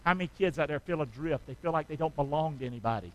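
A man's voice: a little high, very fast, fairly bright tone, dry recording, low-quality recording. A middle-aged man preaching a sermon as pastor, calling out to the congregation for amens and answers. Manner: call-and-response preaching, asking the congregation for amens.

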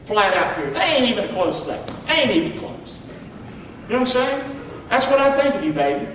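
A middle-aged male pastor preaching in a folksy, animated way, full of questions to the congregation. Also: very high-pitched, brisk, a little hiss or hum. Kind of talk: sermon. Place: church sanctuary. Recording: echoey hall from far off.

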